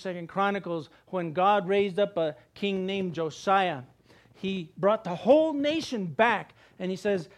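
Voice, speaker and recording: Delivering a sermon with animation, this older pastor speaks in a voice that sits high, posing rhetorical questions and performing the quotations.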